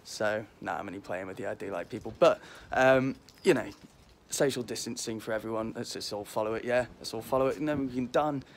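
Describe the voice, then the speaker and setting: A man's voice: lowish voice, fairly quick, creaky, few pauses. Man, 20s, mild Liverpool accent, self-mocking vlog host, phone recording outdoors with faint wind noise. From Liverpool, England. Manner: cheeky, rambling, self-mocking. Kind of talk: casual joking vlog. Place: outdoors in a windy back garden. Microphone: phone held while walking.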